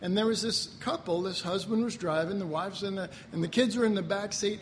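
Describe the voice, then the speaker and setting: Older man, pastor, folksy sermon storytelling, fairly high voice, long reverberant hall. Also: a little fast, a little hiss or hum. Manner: folksy storytelling with chuckles and throat-clearing.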